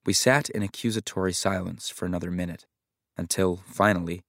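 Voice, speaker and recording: Low, dry-voiced male reader for a reflective short story, measured delivery. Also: steady tone, gravelly, a bit bright, dry recording. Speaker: story narrator. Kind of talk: audiobook narration of a short story.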